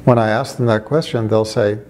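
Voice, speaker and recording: A middle-aged man, a former atheist doctor, making a measured argument with dry humor. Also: on the low side, steady tone, a little mellow, slight background noise. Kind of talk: reflective monologue.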